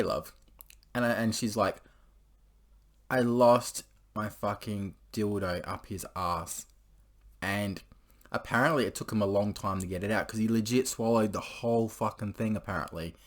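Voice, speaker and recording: A man casually telling crude stories, rambling, swearing freely and laughing as he goes. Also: fairly low pitch. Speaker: storyteller host.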